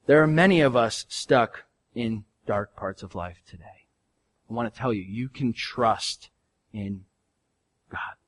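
A male pastor preaching a sermon in an earnest, conversational way, his voice swinging from soft to loud. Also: medium pitch, lively intonation, a little slow, long pauses.

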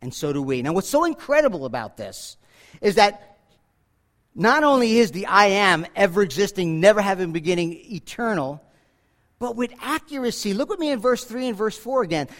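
A man preaching a sermon to his congregation, swinging from loud, emphatic peaks to quiet asides. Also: high voice, very animated, moderate pace. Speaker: pastor. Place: church.

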